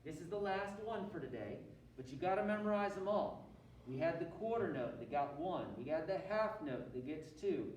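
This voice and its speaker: A man's voice: a little high, lively intonation, normal speed, a little mellow, heavy reverb, far from the mic, a little hiss or hum, poor audio. A man teaching a rhythm lesson, counting beats aloud and having students repeat after him. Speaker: music teacher.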